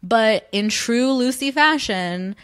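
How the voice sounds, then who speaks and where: A young woman with a smooth, expressive voice takes her time as a podcast co-host, casually chatting and recapping a TV episode. She fills her talk with "like" and acts out the characters' lines in a higher voice.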